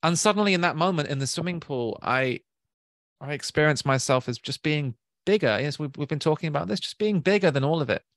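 A man giving a reflective spiritual talk, speaking slowly and gently, searching for words and often restarting. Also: fairly high pitch, expressive, no room sound, clean studio sound. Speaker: spiritual teacher.

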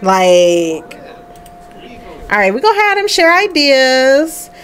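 A woman's voice: sits high, slow pace. A woman hosting a life-sim let's play, chatting casually and laughing as she talks to her characters. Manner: chatty and animated, laughing often, talking to the sims. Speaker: gaming host.

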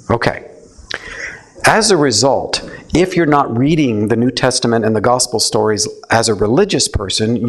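A man speaking to a live audience in a casual, conversational way, often checking in with listeners and acting out quoted lines. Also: medium pitch. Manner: conversational, asks the audience questions, acts out quotes. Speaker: speaker teaching a theology session. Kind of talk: informal talk to a live audience.

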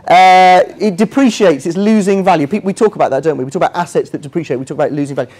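Higher-voiced man teaching a chatty workshop. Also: quick pace, hardly any pauses, a little mellow. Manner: chatty, quizzes the audience, self-mocking asides. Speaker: finance workshop trainer. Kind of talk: interactive teaching. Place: workshop room with a live audience.

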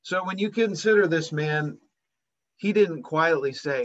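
A man's voice: fairly high pitch, a little slow, a bit bright, muffled recording, a little hiss or hum. A man preaching a sermon, retelling a Bible story and acting out its voices with rising emphasis.

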